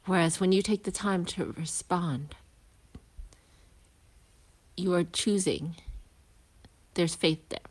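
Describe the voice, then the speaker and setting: With a lowish voice, a woman who practices healing and is a parent gives an informal talk while walking outside to school. The lesson is reflective and halting, with restarts and softly spoken asides.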